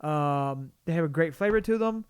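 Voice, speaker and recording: Guy cohosting a chill podcast, kinda high voice, rambly, dry close mic. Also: lively intonation, moderate pace, clear, resonant tone, no room sound. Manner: rambling, full of restarts and fillers. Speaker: podcast co-host. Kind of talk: casual podcast chat.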